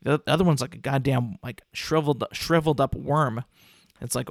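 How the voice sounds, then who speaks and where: A man's voice: medium pitch, normal speed, creaky, no echo, clean studio sound. A man in his twenties casually talking through his opinions on cartoon episodes, rambling with frequent restarts and filler words. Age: 20s. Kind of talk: casual commentary on a cartoon ranking.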